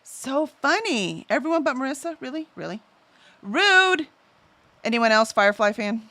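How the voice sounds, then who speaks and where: Woman, stream host, higher voice, dry close mic, rambling chatter. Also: expressive, brisk, a bit bright, no echo. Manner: chatty and easily sidetracked, trails off with fillers. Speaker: livestream host. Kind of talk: casual livestream chat, reading out chat messages.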